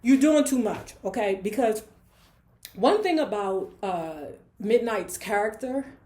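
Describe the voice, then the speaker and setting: A woman's voice: mid-range voice, animated, takes it slowly, mellow. A woman hosting a casual book club read-along, talking frankly and checking in with her listeners. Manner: chatty, frank, frequent "okay?". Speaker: book club host reading a novel. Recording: roomy echo.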